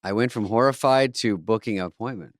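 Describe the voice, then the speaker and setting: A man's voice: on the low side, brisk, dry recording, clean studio sound. A man co-hosting a podcast in casual chat, telling stories in a sarcastic, swearing way. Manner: sarcastic storyteller, swears freely. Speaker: podcast co-host.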